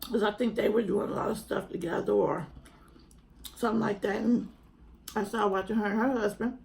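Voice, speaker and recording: A woman's voice: medium pitch, fairly even intonation, brisk, vocal fry, darkish tone, slight background noise, poor audio. A young woman, earnestly and chattily talking to camera at home in a vlog. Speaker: mukbang vlogger. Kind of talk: casual heartfelt chat to camera.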